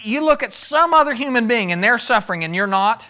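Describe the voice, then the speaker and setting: A man's voice: very high-pitched, expressive, brisk, bright, forceful tone. A man preaching a sermon in a conversational way, asking his listeners questions and acting out quotes. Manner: conversational, asks the audience questions, acts out quotes. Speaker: pastor.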